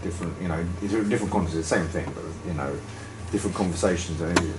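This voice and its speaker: A man's voice: low-pitched, quick pace. A man in the audience speaking up in a group discussion, rambling and wry in a plain-spoken way. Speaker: audience member. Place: meeting room. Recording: echoey room, noisy.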